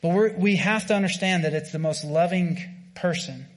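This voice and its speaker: American man, slightly high voice, chatty sermon delivery with lots of restarts. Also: normal speed. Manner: casual, conversational preaching with frequent fillers and restarts. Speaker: preacher.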